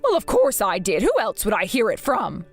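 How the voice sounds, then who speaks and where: A woman voicing a whiny, manipulative older mother who pleads and guilt-trips in an animated story. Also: mid-range voice, moderate pace, soft background music. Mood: self-pitying.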